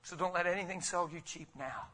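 High bright-voiced preacher man. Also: a little fast. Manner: builds from hushed to shouting, emphatic. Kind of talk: sermon.

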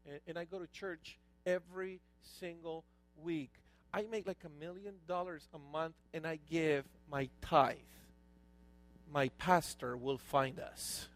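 A preacher voicing a calm, wealthy man who speaks quietly and slowly without any worry. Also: on the high side, faint music behind, pitched below the performer's own voice. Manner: slow, quiet, nonchalant.

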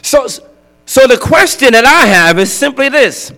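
A man's voice: very high voice, sing-song, takes it slowly, pushed and bright. A male pastor preaching a sermon in a conversational way, often asking his congregation "right?". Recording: long hall reverb with mains hum.

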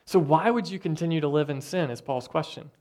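Guy preaching, slightly high voice, earnest, talks to the crowd like a chat. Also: a little mellow. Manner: earnest, conversational preaching with pauses. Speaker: pastor. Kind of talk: sermon.

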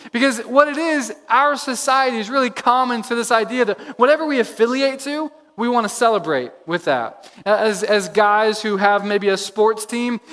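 Pastor guy preaching, pretty high voice, big hall reverb ringing. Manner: energetic, repeats phrases for emphasis. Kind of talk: sermon. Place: church sanctuary. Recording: long reverb of a large hall.

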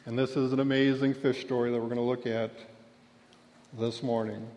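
A pastor preaching a sermon, telling the story and voicing the people in it with a raised voice. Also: male voice, medium pitch, level tone, moderate pace, a little mellow. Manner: storytelling, acts out quotes with raised voice. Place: church sanctuary. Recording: dull lo-fi church recording with long reverb.

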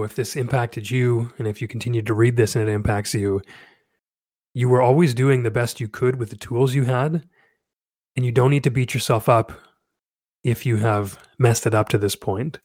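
A man's voice: mid-range voice, fairly even intonation, normal speed, a little mellow, no room sound. Earnest man, dry close sound. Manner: earnest, candid, encouraging. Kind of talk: reflective talk and reading aloud.

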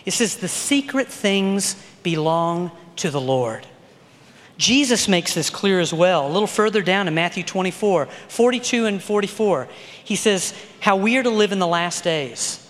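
Middle aged guy preaching a sermon, high voice, chatty, keeps saying okay, big echoey hall sound. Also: a bit bright. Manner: conversational preaching with frequent "okay?" tag questions. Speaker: pastor.

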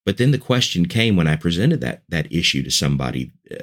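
A man speaking earnestly as a podcast guest and preacher, making his case point by point in relaxed conversation. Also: low-pitched, fast. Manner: earnest, persuasive, building points in lists.

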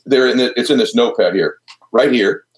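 A deep-voiced man in his fifties, an entrepreneur and speaker, talking earnestly and openly about his vulnerabilities in an interview. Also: a little fast. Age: 50s. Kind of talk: candid interview conversation.

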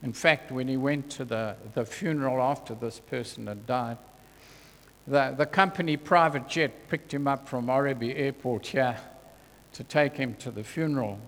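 In a church, a man delivers a sermon in an earnest, deliberate way, softening his voice whenever he quotes scripture. He speaks at medium pitch, and the recording has long hall reverb.

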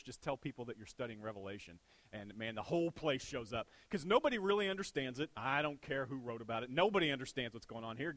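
A man preaching a sermon in a conversational way, asking rhetorical questions and moving between hushed, intimate lines and emphatic ones. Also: high voice, no echo. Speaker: pastor.

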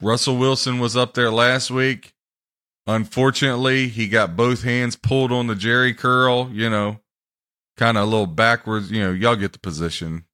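A man hosting a sports podcast, ranting and mocking teams and players in a loud, heated way. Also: mid-range voice, steady tone, normal speed, smooth. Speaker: podcast host.

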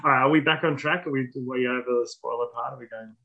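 A man co-hosting a podcast, chatting casually with relaxed, trailing sentences and frequent laughter. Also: mid-range voice, fast talker, creaky, narrow, tinny audio. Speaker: podcast co-host. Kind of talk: casual chat.

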